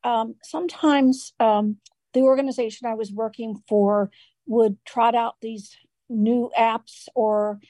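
Audience woman on a video call, measured, slightly high voice, dry close sound. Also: steady tone, mellow, no room sound. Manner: measured, searching with fillers. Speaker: audience member sharing experience. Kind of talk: casual online meeting chat.

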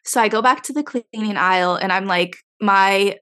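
A woman telling a casual story, animated, swearing freely and acting out the dialogue. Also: medium pitch, moderate pace.

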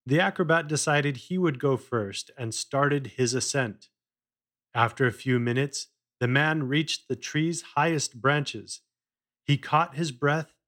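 Man, storybook narrator, slow, measured, mid-pitched voice. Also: fairly bright tone. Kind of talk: storybook read-aloud.

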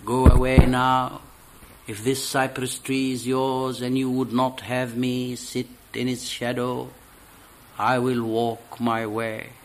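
A man voicing a gentle, serene male spiritual master in a dramatic poetry reading, speaking tenderly and with measured pauses. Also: medium pitch, monotone, slight background noise. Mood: calm.

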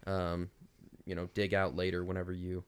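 A man's voice: low-pitched, completely flat delivery, normal speed, slight background noise. A man co-hosting a casual podcast, talking with dry, wry humor. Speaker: podcast co-host.

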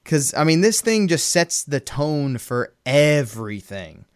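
Excited man co-hosting a movie podcast. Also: a little high, unhurried, clean tone. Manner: excited, laughs often, acts out movie lines. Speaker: podcast co-host. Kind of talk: casual movie chat.

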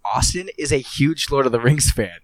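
Comic guest with a Californian accent, lively storyteller, mid-pitched, dry close mic. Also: male voice, moderate pace, dry recording. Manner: animated storyteller, acts out quotes. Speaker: comedian guest. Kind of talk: casual podcast chat.

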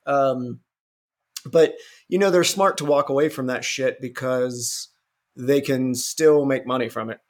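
A man's voice: medium pitch, unhurried. A man talking casually on a podcast, rambling, cursing and laughing as he goes. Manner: rambling, profane, laughs often, drops into mock voices. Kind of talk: casual chat.

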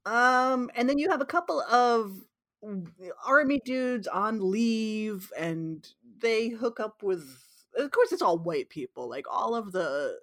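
A woman co-hosting a casual film podcast, recapping plots in a rambling, animated way with plenty of swearing. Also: a little high, slow pace. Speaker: podcast co-host. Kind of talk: casual film-review chat.

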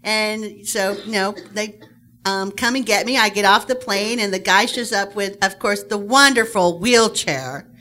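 A woman tells a personal story to an audience and uses many fillers. Her voice is bright and mid-pitched. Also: unhurried. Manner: many fillers, lively telling.

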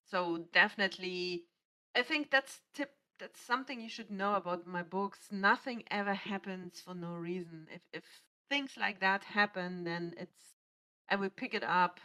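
A woman's voice: on the low side, sharp tone, low-quality recording. A woman author as a podcast guest, talking earnestly about her books and often repeating words as she restarts. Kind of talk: casual interview talk.

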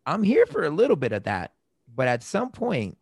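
A man in casual conversation about relationships, animated, acting out quoted arguments in raised voices. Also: on the high side, moderate pace, vocal fry, husky, dry recording, clean studio sound.

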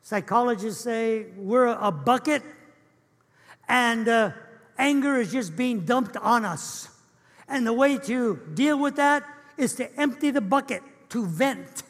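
A man's voice: extremely high pitch, slow, fairly bright tone. A man preaching a sermon as pastor in an earnest, emphatic, repetitive way. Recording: echoey church hall.

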